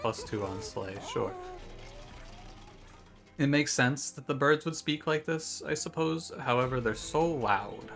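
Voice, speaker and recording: Streamer, male, medium pitch, sardonic play-by-play with mock bravado; clear background music. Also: a little slow, a bit bright. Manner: wry, joking, mock trash-talk. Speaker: video game streamer. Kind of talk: gameplay commentary. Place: room at home by a window. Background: game music.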